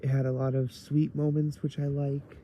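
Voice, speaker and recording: A man's voice: medium pitch, flat delivery, normal speed, dark tone, slight background noise. A man giving a rambling casual review of a TV episode, tired late at night and full of fillers.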